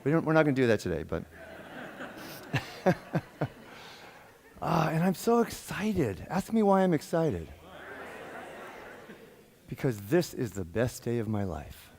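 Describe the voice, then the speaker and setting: Animated male minister in a reverberant hall. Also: mid-range voice, measured pace, gravelly, long pauses. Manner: animated, laughs often, acts out quoted dialogue. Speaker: guest minister. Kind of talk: sermon with jokes and storytelling. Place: church sanctuary.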